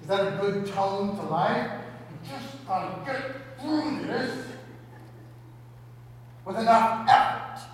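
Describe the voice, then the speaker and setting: Higher-voiced man preaching in an echoey hall. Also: expressive, takes it slowly, pauses often, slight background noise. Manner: conversational preaching with rhetorical questions. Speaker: pastor. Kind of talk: sermon. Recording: echoey hall, mic at a distance.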